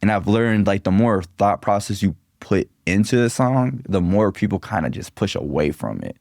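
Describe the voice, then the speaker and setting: A young man from Minneapolis, a rapper guest on a podcast, talking in a relaxed, rambling way full of "like" and slang. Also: on the low side, moderate pace, gravelly, no echo, studio quality. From Minneapolis, USA. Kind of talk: casual podcast interview.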